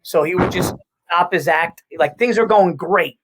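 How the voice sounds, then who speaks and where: A man, a guest comedian, telling profane, animated stories in casual podcast chat, full of quick restarts. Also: high-pitched, a little hiss or hum, rough recording.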